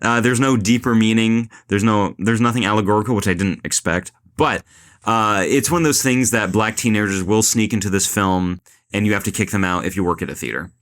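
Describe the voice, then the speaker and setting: On his casual film podcast, a young man with a lowish, fairly bright voice talks a little fast. His retelling of the movie meanders, full of jokes and plenty of "like" and "uh."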